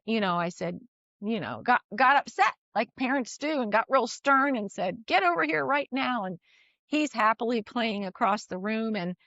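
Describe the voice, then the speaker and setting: Animated middle-aged woman telling a story. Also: mid-range voice, dry recording, dull audio. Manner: animated, restarts often, laughs between phrases. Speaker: guest sharing a parenting story. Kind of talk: casual storytelling conversation.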